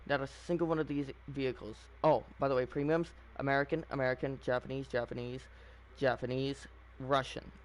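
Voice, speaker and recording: A man's voice: medium pitch, level tone, a little fast, hardly any pauses. A man giving casual, opinionated commentary on a video game, rambling with frequent fillers and restarts. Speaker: gaming channel host.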